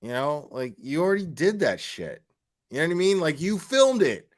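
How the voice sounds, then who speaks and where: A man's voice: fairly high pitch, sing-song, moderate pace. A man hosting a live stream, ranting casually and profanely, full of "like" and "you know". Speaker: livestream host.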